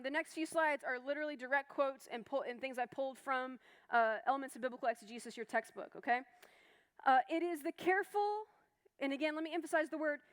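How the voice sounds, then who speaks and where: A woman with a high, fairly bright voice leads a Bible study in an informal class lecture, chatty and reassuring, with many fillers and restarts.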